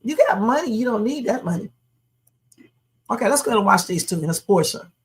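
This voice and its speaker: A woman's voice: mid-range voice, expressive, brisk, a little hiss or hum. Blunt, chatty woman stream host. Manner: blunt, chatty, talks straight to viewers. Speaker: live stream reaction host. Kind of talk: casual reaction commentary.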